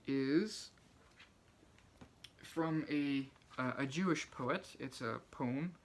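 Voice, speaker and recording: A shy, soft-spoken man hosting a book channel, reading favourite quotes aloud and talking them over with many fillers and restarts. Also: medium pitch, very slow, a little hiss or hum.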